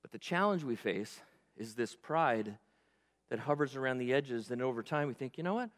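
A pastor giving an animated sermon, often acting out the people he quotes. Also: mid-range voice, normal speed, in a large hall. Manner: animated, acts out quoted voices in character.

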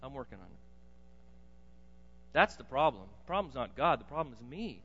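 A man preaching a sermon, swinging between loud emphatic bursts and quiet low asides. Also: sing-song, normal speed, breathy edge. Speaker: pastor. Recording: dull lo-fi sound in a reverberant hall.

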